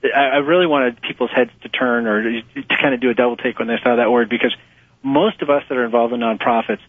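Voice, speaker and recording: This author and nonprofit fundraising guest has a husky, slightly rough, medium-pitched voice and talks quickly through his ideas in loose, animated interview answers. He laughs easily and jumps into little acted-out quotes, raising his voice for them. The audio is dry, echo-free, and tinny, muffled like a phone line.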